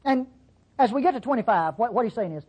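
Husky folksy Bible teacher. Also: expressive, fast talker, darkish tone, poor audio. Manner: folksy, conversational, acts out quotes with big pitch jumps. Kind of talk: sermon-style Bible class teaching.

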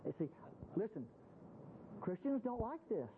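Folksy preacher on tinny radio. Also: male voice, high voice, sing-song, measured pace. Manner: folksy, conversational, acts out quotes in voices. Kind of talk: sermon, Bible teaching. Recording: tinny phone-like radio broadcast with faint hiss.

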